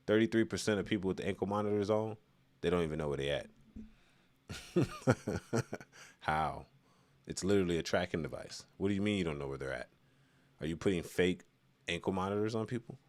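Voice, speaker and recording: A man's voice: deep voice, fairly quick, long pauses, a little mellow, dry recording. A man from Chicago doing loose, rambling live-stream commentary, reading chat and laughing at his own remarks.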